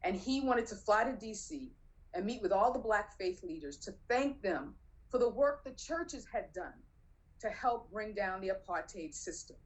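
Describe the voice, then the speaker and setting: A middle-aged woman telling a personal true story on stage, acting out the dialogue in an animated way. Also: normal speed, poor audio. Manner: animated, acts out dialogue with rising pitch.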